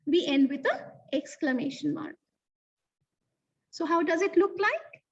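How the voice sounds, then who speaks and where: A woman's voice: high voice, animated, measured pace, pauses often. A woman teaching young children a lesson, talking expressively and asking the listeners questions. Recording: distant, dull mic sound.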